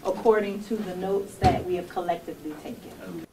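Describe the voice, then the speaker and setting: A woman's voice: lowish voice, fairly quick. A woman speaking at a public meeting in a hesitant way, with frequent fillers. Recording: distant, noisy meeting room.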